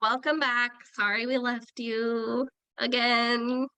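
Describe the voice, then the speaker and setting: A woman's voice: fairly high pitch, flat delivery, slow pace, bright, forceful tone, clean tone. A woman hosting a casual podcast, making dry quips. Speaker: podcast host.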